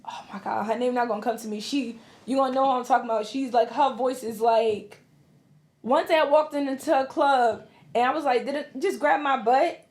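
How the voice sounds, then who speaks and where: Brief: high-pitched woman guest, animated casual storyteller. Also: brisk. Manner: animated storytelling, many fillers. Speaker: podcast guest, music artist. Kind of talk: casual chat.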